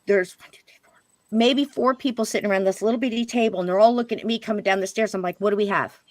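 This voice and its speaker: A woman telling a ghost story as a guest medium on a paranormal interview show, in a voice of middle height. She acts out what she and others said and sometimes drops to a hush. The sound is dry and close. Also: medium pitch, fast, no echo. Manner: animated, quotes spirits and herself in hushed voice.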